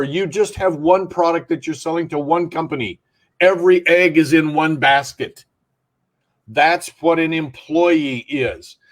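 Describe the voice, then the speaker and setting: A man co-hosting a talk show, making blunt points with everyday analogies. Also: on the high side. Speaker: co-host. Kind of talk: casual talk show discussion.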